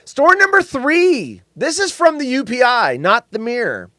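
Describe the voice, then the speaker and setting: This is a man co-hosting a casual chat show, joking with his partner and the audience. His voice sits high and swings widely. The sound is dry and close. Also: moderate pace, dry recording. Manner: animated, jokey, belts out song lines. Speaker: co-host. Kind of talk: casual podcast banter.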